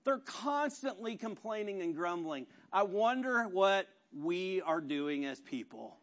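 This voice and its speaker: A man's voice: sits high, lively intonation, unhurried, a bit bright, highs cut off. A man preaching a conversational, self-deprecating sermon full of rhetorical questions. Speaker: pastor.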